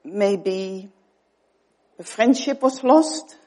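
A woman preaching an earnest sermon, pausing often and dropping to soft tones for emphasis. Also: medium pitch.

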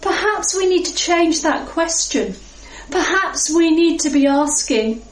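High-voiced woman preaching slowly, echoey room. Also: expressive. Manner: reflective, measured, with pauses. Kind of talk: sermon.

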